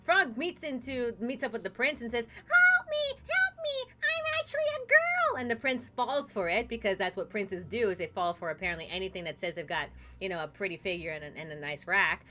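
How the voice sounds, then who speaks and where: Bright-voiced woman streaming a story game. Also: medium pitch, a little fast, hardly any pauses. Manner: playful, narrates a fairy tale and hops into character voices. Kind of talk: casual gaming stream chat with acted story voices.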